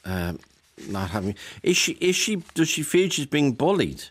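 A man hosting a radio phone-in, interviewing a caller in a calm, sympathetic way. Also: on the high side, moderate pace. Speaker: radio host.

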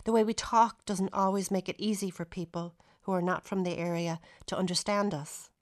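A woman with a Donegal Irish accent reads a personal radio essay. Her voice sits in a middle pitch, and her delivery is reflective and unhurried. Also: steady tone. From Donegal, Ireland, via Ohio. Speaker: essayist reading a radio piece.

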